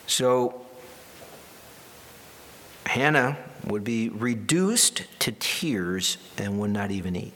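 A man's voice: lowish voice, lively intonation, slow pace, long pauses, a bit bright, a little hiss or hum. A man preaching a sermon in a conversational way, with wry asides and restarts. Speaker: pastor.

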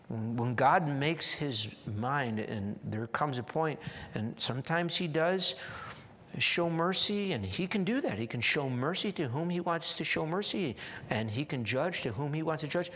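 A man's voice: on the high side, lively intonation, measured pace, fairly bright tone, slight background noise. A man preaching a sermon earnestly, often restarting phrases and rising in emphasis. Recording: long hall reverb.

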